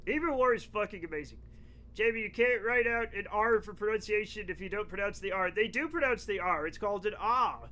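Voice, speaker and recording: A middle-aged man from the United States, streaming live and joking loudly with his chat as he rants about pronunciation. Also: sits high, lively intonation, brisk.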